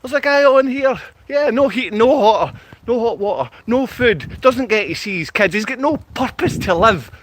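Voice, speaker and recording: A man's voice: very high voice, lively intonation, moderate pace. A man ranting angrily on a livestream, berating and confronting his viewers in blunt, repetitive bursts. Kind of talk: angry livestream rant.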